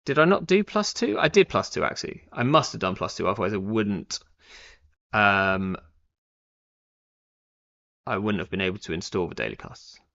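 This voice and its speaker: A man's voice: lowish voice, big pitch swings, moderate pace, gravelly, pauses often, fairly bright tone. A young man streaming a card game live, thinking aloud in a rambling way with lots of fillers and self-corrections. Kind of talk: casual live-stream commentary. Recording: dull, lo-fi stream audio.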